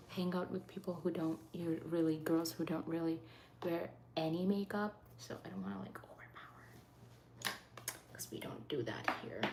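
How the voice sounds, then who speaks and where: A woman hosting a live makeup stream, chatting casually and often dropping into soft half-whispers. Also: on the low side, vocal fry. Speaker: livestreaming makeup host. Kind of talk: casual live makeup chat, reading comments. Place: at home in Saskatchewan. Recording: faint background noise.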